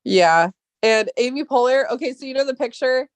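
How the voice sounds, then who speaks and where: A young woman with a light Valley Girl lilt talks casually, sprinkling "like" and the odd swear word. She laughs often and leaps up in pitch when she mimics others. The recording is close and dry, with no room sound. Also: expressive, normal speed, no echo. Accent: Californian Valley Girl. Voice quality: upspeak, peppered with "like", swears casually. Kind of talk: casual chat.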